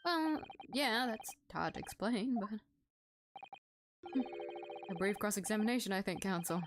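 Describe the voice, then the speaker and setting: A woman's voice: medium pitch, lively intonation, a little slow, background noise. A woman streamer reading game dialogue aloud in character voices, playful and giggly, stumbling over words and laughing at her own flubs. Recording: game music behind voice.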